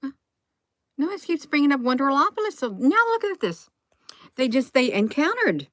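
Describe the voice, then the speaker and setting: A woman's voice: mid-range voice, expressive, measured pace, a bit bright, no room sound, clean studio sound. A woman vlogging into her phone, thinking aloud in a casual, rambling way and often restarting her sentences.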